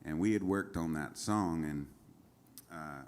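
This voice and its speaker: A man's voice: very deep voice, measured pace, a little mellow, clean tone. A man telling rambling stories between songs on a small concert stage, with many fillers and chuckles. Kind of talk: casual onstage storytelling.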